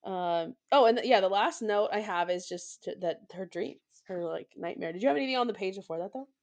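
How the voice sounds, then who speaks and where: A woman's voice: medium pitch, brisk. A woman co-hosting a book podcast, chatting casually and reading passages aloud between her notes. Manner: relaxed, reads passages aloud, trails off. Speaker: podcast co-host. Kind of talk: casual book-club chat.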